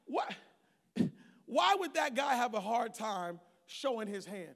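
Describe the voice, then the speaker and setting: Gravelly high-pitched preaching man, echoing hall. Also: very animated, slow pace. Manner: preaching with rising shouts and storytelling. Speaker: pastor. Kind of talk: sermon. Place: large church hall. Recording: long hall reverb.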